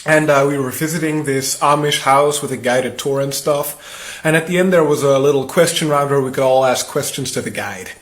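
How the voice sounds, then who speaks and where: A man from Europe telling a travel anecdote in a relaxed, conversational way. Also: mid-range voice, moderate pace. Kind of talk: casual anecdote to camera.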